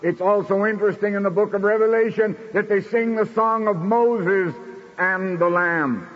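A man preaching a sermon in a measured, declamatory way, slowing down for emphasis. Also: high voice. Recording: dull recording in a reverberant hall.

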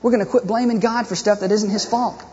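Pastor guy preaching, high voice, big echoey church, kinda dull muffled sound. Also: steady tone, fast talker, darkish tone. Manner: impassioned, rhetorical, acts out prayers in mocking voices. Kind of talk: sermon.

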